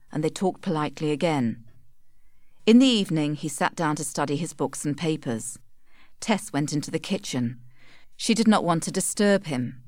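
Woman narrator, low-set voice, measured audiobook reading, dry close recording. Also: darkish tone, no echo.

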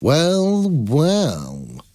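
A man's voice: on the high side, big pitch swings, slow, darkish tone, dry recording, clean studio sound, pitched above the performer's own voice, exaggerated voice. A man voicing an insolent, mocking villainous swordsman in an audiobook. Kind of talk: audiobook character voice.

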